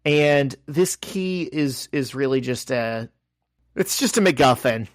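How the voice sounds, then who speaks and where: A man's voice: mid-range voice, takes it slowly, dry recording. Man, podcast co-host, casual recap, acts out quotes, dry close sound. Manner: animated retelling, acting out quotes. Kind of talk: casual comic recap chat.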